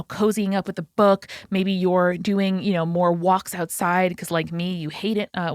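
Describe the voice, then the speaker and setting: A woman hosting a gaming podcast rattles through her announcements, eager and a little out of breath. Her voice sits at an ordinary pitch and is recorded dry and close, with no room sound. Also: no room sound. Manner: excited, fast, a little out of breath. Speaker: podcast host. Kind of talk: upbeat sponsor and announcements read.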